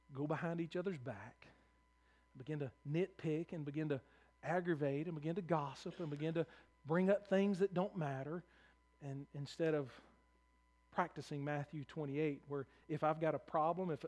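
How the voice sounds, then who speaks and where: A man preaching a sermon as pastor, earnest, often repeating words as he starts a phrase, moving between soft passages and raised, emphatic ones. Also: a little high.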